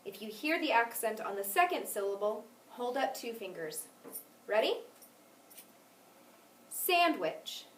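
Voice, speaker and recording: A woman teaching a phonics lesson, patient and clear, stressing syllables carefully and encouraging her student. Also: a little high, very animated, moderate pace, far from the mic, a little hiss or hum. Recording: echoey room, voice from off mic.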